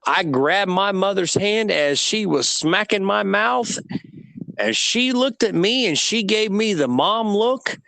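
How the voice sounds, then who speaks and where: Slow, lively-voiced man telling a story. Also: high voice, dry recording. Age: 30s. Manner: animated storyteller who laughs at himself. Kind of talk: casual storytelling conversation.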